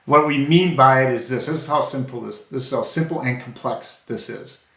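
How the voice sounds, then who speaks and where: An earnest man co-hosting a casual faith-based podcast, telling stories from his own life with a gravelly edge to his voice. He sounds like he is in an echoey room. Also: medium pitch, fairly quick. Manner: earnest storytelling, animated when quoting. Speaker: podcast co-host.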